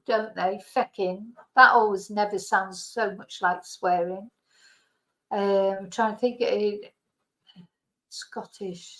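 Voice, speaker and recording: A middle-aged Mancunian woman hosts a livestream, chatting casually with viewers and laughing a lot. Her voice sits in the mid-range with a slight brightness, and the recording quality is low.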